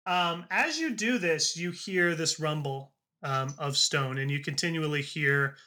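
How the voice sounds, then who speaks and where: A man narrating as game master of a tabletop game, halting with frequent ums and uhs. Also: on the high side, pushed and bright.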